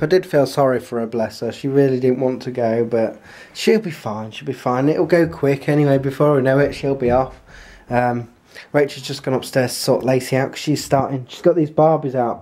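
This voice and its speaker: Chatty dad filming at home. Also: male voice, a little fast. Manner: chatty, rambling, homely; softer and lower on asides. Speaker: family vlogger. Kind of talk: casual chat to camera. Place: family home indoors. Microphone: handheld compact camera.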